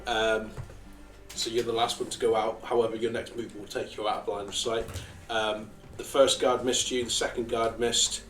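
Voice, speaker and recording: Game master in an echoey room. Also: male voice, fairly low pitch, little pitch movement, moderate pace, fairly bright tone, far from the mic, soft background music. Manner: casual, laughing narration with frequent fillers. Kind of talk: narrating a tabletop game.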